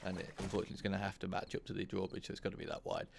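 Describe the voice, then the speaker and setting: A man's voice: deep voice, monotone, racing, creaky, slight background noise. A man hosting his own gaming channel, talking through his play casually, thinking aloud and swearing when frustrated. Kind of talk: casual let's-play commentary.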